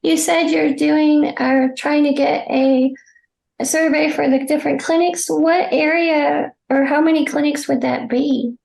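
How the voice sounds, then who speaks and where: Woman meeting chair, high flat voice, procedural delivery, roomy echo. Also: a little slow, vocal fry.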